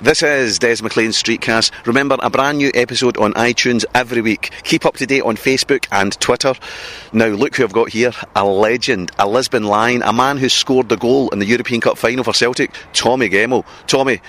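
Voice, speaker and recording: Joking man with a bright voice. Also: mid-range voice, steady tone. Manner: joking, teasing, quick banter. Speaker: street podcast host. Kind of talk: roving street interviews. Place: outdoors on a busy street by a stadium.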